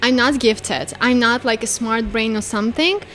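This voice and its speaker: Young woman, Ukrainian accent, podcast guest, slightly high voice, chatty and animated. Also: moderate pace, faint music behind. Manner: chatty, animated, searching for words. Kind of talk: casual conversation.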